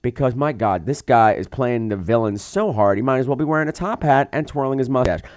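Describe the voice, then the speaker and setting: A man's voice: mid-range voice, a little fast, no echo, studio quality. A man hosting a podcast, recapping a film in a sarcastic, comedic way. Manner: sarcastic, animated storytelling. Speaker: podcast host and film reviewer.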